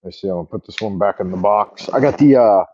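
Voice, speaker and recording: A man's voice: fairly low pitch, fast talker, darkish tone, no room sound. A man hosting a livestream, telling an exaggerated, profane story in a rambling way over a wireless earbud mic. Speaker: livestream host. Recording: dull dry earbud mic sound.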